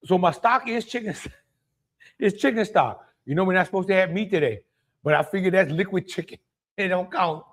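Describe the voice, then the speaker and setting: A man's voice: high voice, normal speed, pauses often, fairly bright tone. A man with a Louisiana accent hosting a casual live cooking stream, chatty and exclamatory, greeting viewers by name and laughing often. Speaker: cooking show host.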